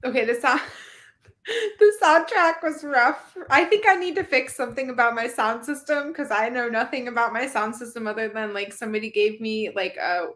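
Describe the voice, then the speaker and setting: A woman's voice: a little high, moderate pace, a bit bright. A woman in her late thirties co-hosting a casual film chat, giggly and rambling. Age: late 30s. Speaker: co-host. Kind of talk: casual chat about films.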